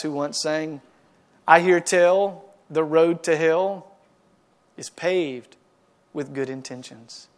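Man, preacher, fairly high voice, animated, folksy sermon. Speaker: pastor.

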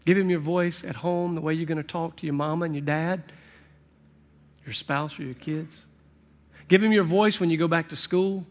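A man's voice: a little high, fairly even intonation, normal speed. A man preaching a sermon as a pastor and leading prayer, earnest and emphatic, repeating his phrases. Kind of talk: sermon with altar call and prayer. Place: large church auditorium. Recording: long hall reverb.

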